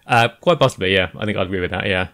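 An English man with a low, gravelly voice chatting casually as a podcast co-host. He jokes around, laughs a lot and tends to repeat his words as he talks. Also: racing, fairly bright tone. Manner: jokey, laughs often, repeats himself. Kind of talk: casual chat.

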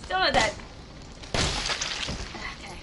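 A woman's voice: on the high side, big pitch swings, takes it slowly, background noise. A young woman giving horror game commentary, jumpy, muttering to herself and then bursting into shrieks. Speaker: gaming YouTuber.

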